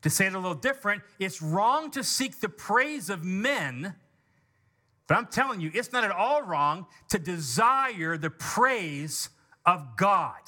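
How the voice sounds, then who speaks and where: A man preaching a sermon as pastor, emphatic and climbing in pitch on key words. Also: big pitch swings, a little slow, pushed and bright.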